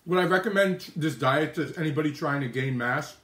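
A man eating on a live stream answers viewer comments with his mouth full, keeping the chat casual. His voice is fairly high, a bit bright and a little fast, and it's reverberant in the indoor kitchen with its oven and microwave.

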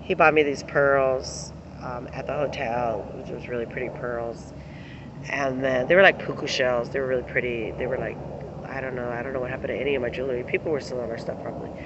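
A woman's voice: a bass voice, steady tone, fairly quick, lo-fi sound, noisy background. A middle-aged woman vlogging, telling rambling personal stories in a casual way, laughing often and swearing freely. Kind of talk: casual storytelling to camera.

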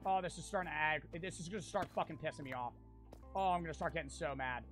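A young man with an American accent, streaming a game live and talking to his chat, profane and quick to get frustrated. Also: fairly high pitch, a bit bright, faint music behind. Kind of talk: casual livestream gameplay chat.

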